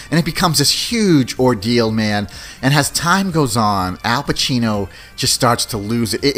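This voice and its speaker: A man's voice: mid-range voice, a bit bright. A man in his forties hosting a solo podcast, talking loosely and casually, often tossing in "you know what I mean". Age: 40s. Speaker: podcast host. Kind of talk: solo podcast movie countdown.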